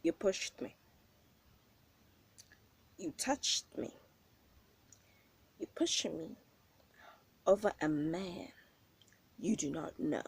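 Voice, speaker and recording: A woman telling a story on her vlog, slangy and animated, acting out the quotes with loud bursts. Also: low-pitched, drawn-out words, gravelly, long pauses, slightly rough. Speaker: vlogger.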